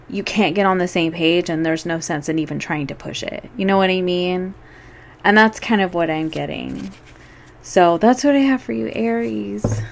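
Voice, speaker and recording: A woman's voice: fairly low pitch, vocal fry. A woman giving a casual monthly tarot reading. She talks to the listener directly and fills her speech with "like" and "you know". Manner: chatty, filler-heavy, addresses the listener directly. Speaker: tarot reader.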